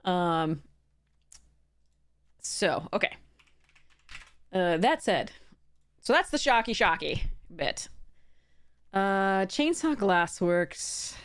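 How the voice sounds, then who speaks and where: A young adult woman chatting casually on a live stream. She rambles and restarts her sentences, filling the gaps with ums. Her voice sits at a middle pitch. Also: very animated, drawn-out words, long pauses, a bit bright, clean tone.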